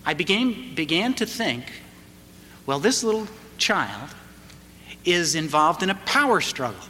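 A middle-aged man preaching a sermon, telling a family story slowly and deliberately, building to emphatic moments. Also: fairly high pitch, big pitch swings, bright, forceful tone, a little hiss or hum. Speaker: pastor. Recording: reverberant hall, faint ambience.

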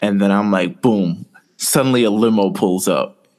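A man's voice: on the low side, normal speed, darkish tone. A man co-hosting a podcast, casually rambling through a story with lots of fillers. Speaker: podcast co-host. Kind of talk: casual chat.

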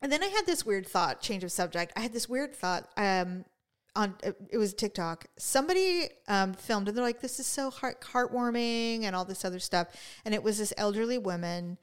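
A woman's voice: mid-range voice, expressive, moderate pace, smooth. A woman co-hosting a podcast in casual chat, telling stories and acting out what other people said. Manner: chatty storyteller, acts out quotes in funny voices. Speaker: podcast co-host.

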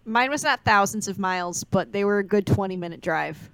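A woman's voice: mid-range voice, brisk, a bit bright. A young woman co-hosting a podcast, chatting casually about a movie in a dramatic, joking way and laughing often. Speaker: podcast co-host. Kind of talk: casual chat recapping a movie.

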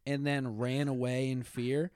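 A man's voice: medium pitch, flat delivery, unhurried, a little mellow, clean tone, no room sound, clean studio sound. A young man in his twenties co-hosting a podcast, telling rambling stories full of filler likes. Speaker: podcast co-host. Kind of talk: casual chat.

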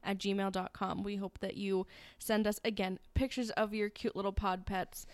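A young woman co-hosts a podcast with a relaxed, teasing manner. Her voice is recorded dry and close to the mic. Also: medium pitch, no echo. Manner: laid-back, teasing, quick to laugh. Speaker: podcast co-host. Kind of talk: casual chat.

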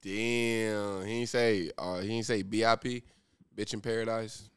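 A man's voice: lowish voice, steady tone, measured pace, smooth, no room sound. A man co-hosting a podcast, joking crudely, swearing and laughing often in casual banter. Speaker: podcast co-host.

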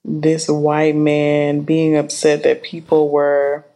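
A woman's voice: sits low, completely flat delivery, slow pace, warm tone. A woman co-hosting a podcast in a casual, laid-back chat, drawing out her thoughts and chuckling now and then. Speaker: podcast co-host.

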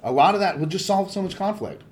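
A man's voice: sits high, fast. A man who coaches sword fighting, a guest telling swear-laden stories in a casual podcast conversation. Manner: profane, animated storyteller.

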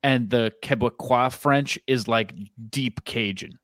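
A man's voice: mid-range voice, slow pace, dry recording, clean studio sound. A man co-hosting a hockey podcast, chatting in a laid-back, dryly joking way. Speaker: podcast co-host. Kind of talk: casual sports chat.

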